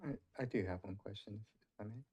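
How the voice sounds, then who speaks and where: A man serving as a planning commissioner, asking a question at a public meeting in a hesitant way, full of pauses and restarts. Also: lowish voice, mellow, breathy edge. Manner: hesitant, many ums and restarts.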